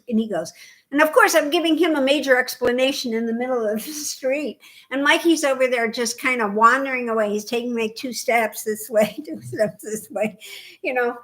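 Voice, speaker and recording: Podcast co-host, woman from Indiana; animated, laughing storyteller in relaxed chat, voice a touch high. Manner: animated storyteller, laughs often, acts out quoted dialogue. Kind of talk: casual chat.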